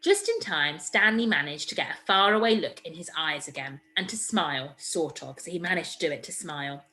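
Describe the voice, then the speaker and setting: A woman's voice: low voice, expressive, a little fast, sharp tone, poor audio. A woman teacher giving a recorded reading lesson, encouraging and explaining step by step. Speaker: primary school teacher.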